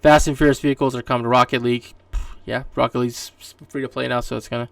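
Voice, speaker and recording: A man's voice: medium pitch, level tone, quick pace, creaky, dry recording. A man hosting a solo podcast, chatting casually through gaming news in a rambling way, full of fillers and restarts. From Canada. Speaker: podcast host. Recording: distant mic, dry room.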